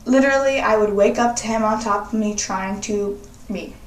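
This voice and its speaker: A woman's voice: mid-range voice, normal speed, slight background noise. A young woman vlogging in a casual, sassy, profane chat. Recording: roomy echo, distant from mic.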